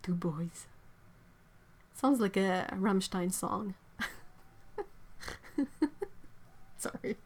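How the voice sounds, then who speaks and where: A woman's voice: mid-range voice, a little slow, a little hiss or hum. Chatty woman. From Quebec, Canada. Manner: rambling, chatty, laughs often. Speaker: artist livestream host. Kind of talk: casual livestream chat reading comments.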